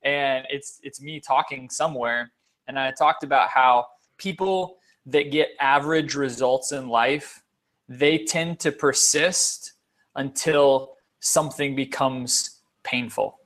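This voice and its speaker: A man's voice: mid-range voice, takes it slowly, fairly bright tone. A man being interviewed as a guest on a podcast, a motivational speaker who talks earnestly and repeats words for emphasis.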